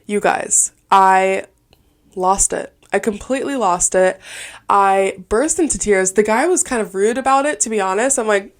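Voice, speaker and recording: A woman's voice: medium pitch, moderate pace. A woman in her twenties hosting her own podcast, telling personal stories in a chatty, candid way full of fillers. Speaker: podcast host. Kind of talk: casual solo podcast talk.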